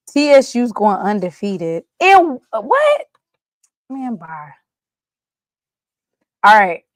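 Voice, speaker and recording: A woman hosting a casual sports show, excitable and answering chat commenters by name. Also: medium pitch, dry recording, clean studio sound.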